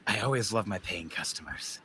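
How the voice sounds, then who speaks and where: A bossy, sly innkeeper woman with living snakes for hair, giving orders in a bright, forceful voice, as a man puts her on. She sounds calm and in charge, as if she is always sure she will be obeyed. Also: deep voice, a little fast, slight background noise, voice pushed down. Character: commanding snake-haired female innkeeper boss.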